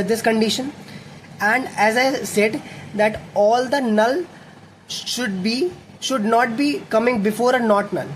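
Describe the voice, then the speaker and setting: A young man teaches a coding lesson, thinking aloud and correcting himself as he writes code. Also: high voice. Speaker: coding tutor. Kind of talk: explaining code while writing. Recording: faint background noise.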